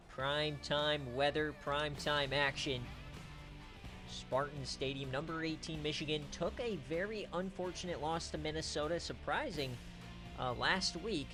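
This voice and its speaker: A man giving loose, excitable live-stream commentary on simulated football games, cheering, trash-talking and dropping casual slang. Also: a little high, normal speed, over music. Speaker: online dynasty league streamer.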